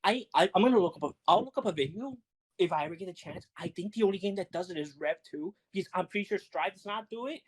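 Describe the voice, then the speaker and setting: Woman on a gaming podcast, talks fast and animated, laughs a lot, swears some. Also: on the low side, husky, low-quality recording. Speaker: podcast co-host. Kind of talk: casual gaming chat.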